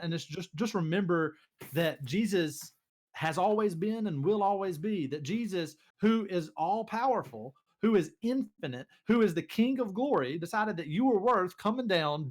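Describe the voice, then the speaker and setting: A man's voice: sits high, lively intonation, moderate pace. A young man hosting a casual faith talk show, speaking with loose enthusiasm and lots of fillers. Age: young adult. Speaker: host.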